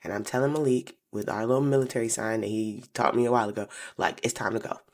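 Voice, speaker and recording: A young woman, telling a personal story on her podcast in an animated way, slowing to hushed asides. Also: extremely low pitch. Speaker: podcast host.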